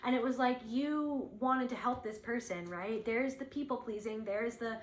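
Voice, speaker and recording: Higher-voiced woman doing an intuitive reading, rambly, lots of "like", roomy echo, faint hum behind. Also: normal speed, few pauses. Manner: searching, rambling, heavy use of "like". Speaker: intuitive spiritual guide.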